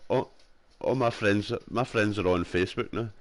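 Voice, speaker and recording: Speaking at a normal speed in a fairly low voice, this young Scottish man with a Glasgow accent chats over his headset during a game. He curses freely and laughs a lot.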